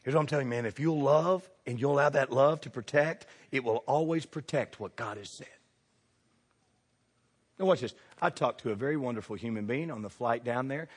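Husky-voiced preacher man. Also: mid-range voice, a little fast, big-room sound. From United States. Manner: animated, questioning the congregation. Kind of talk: sermon.

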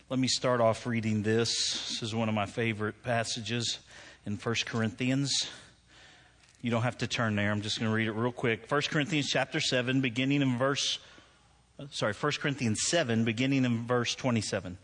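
A man's voice: medium pitch, steady tone, brisk, a bit bright. A middle-aged man preaching a sermon in a church, joking and self-deprecating, laughing at his own stories before turning to prayer. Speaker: pastor. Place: church sanctuary.

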